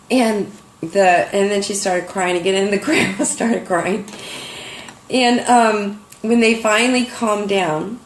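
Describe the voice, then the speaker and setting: A woman's voice: medium pitch, vocal fry, roomy sound, slight background noise, poor audio. An older woman art teacher telling a heartfelt, emotional story to her students in an online lesson.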